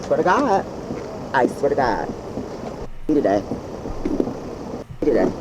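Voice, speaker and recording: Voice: medium pitch, very animated, slow pace. A detainee arguing angrily with police, repeating oaths over and over. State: agitated. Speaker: person being detained. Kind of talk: heated argument with police. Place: outdoors at a hotel. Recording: noisy police camera footage.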